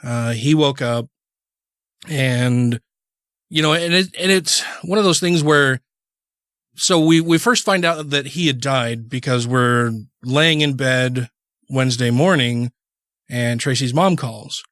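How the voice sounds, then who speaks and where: A man's voice: medium pitch, slow, a bit bright, no echo, studio quality. Rambling man telling a story on a podcast. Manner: rambling, many restarts and "you know"s. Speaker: podcast co-host. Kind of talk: casual storytelling.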